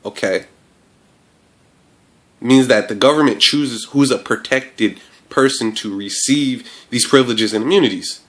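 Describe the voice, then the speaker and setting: A man's voice: medium pitch, fairly bright tone. A man from the United States giving an impassioned, profane monologue as a vlogger, full of fillers and restarts. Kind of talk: ranting monologue to camera.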